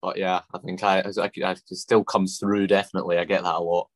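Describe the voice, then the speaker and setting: A young man from Scotland with a mild Scottish accent, a relaxed and modest interview guest. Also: low voice, brisk, no room sound. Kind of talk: casual interview.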